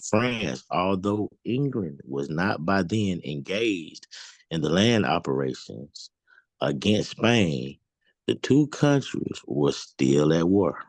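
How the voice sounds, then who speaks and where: A man reading a history text aloud in class, halting and careful over the words. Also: low-pitched, big pitch swings, dry recording. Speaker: student.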